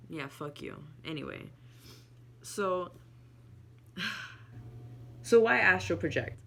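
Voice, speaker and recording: Woman, low voice, gravelly fry, candid casual storytelling, swears a lot, faint hum behind. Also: expressive, drawn-out words, fairly bright tone. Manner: candid, swears freely, emotional, laughs often. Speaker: spiritual vlogger.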